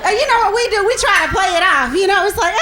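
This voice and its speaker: Sassy middle-aged woman stand-up, very high bright voice, faint room noise. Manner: sassy, punchy, laughs at her own jokes. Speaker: stand-up comedian. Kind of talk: stand-up comedy set.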